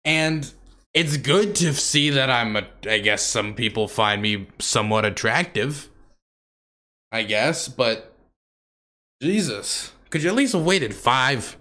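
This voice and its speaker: A male streamer tells a story to his audience in a loose, rambling way. He sounds candid and exasperated, and his speech is full of fillers and restarts. His voice sits at a middle pitch. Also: lively intonation, slow pace, sharp tone.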